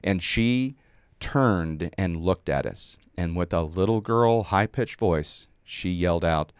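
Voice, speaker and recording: A man in his forties, an Army veteran, telling a story casually on a podcast, halting with many fillers and repeated words. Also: low-pitched, expressive, clear, resonant tone, no echo, studio quality.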